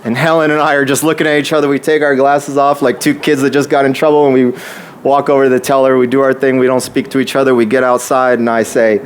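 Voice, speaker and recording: A man's voice: medium pitch, flat delivery, fast, some chatter behind, a little hiss or hum. A man giving a speech at an opening ceremony, telling a personal story with many restarts. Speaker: housing nonprofit staff speaker.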